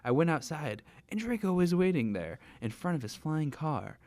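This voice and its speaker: A man's voice: fairly high pitch, very animated, moderate pace, a little mellow, no echo. A young man hosting a comedy read-through of fan fiction, giggling and stumbling over names with chatty asides. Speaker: host reading fan fiction aloud.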